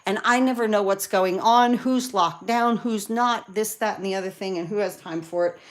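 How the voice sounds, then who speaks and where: A woman chatting excitedly with viewers while she demonstrates card making live from her craft room. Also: mid-range voice, moderate pace. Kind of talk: live crafting demo chat.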